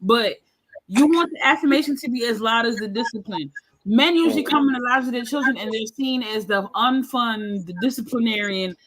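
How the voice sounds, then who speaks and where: Frank, animated woman in her thirties. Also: on the high side, fairly quick, a loud crowd, poor audio. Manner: frank and animated, acts out quoted voices. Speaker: podcast panelist. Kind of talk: candid podcast discussion.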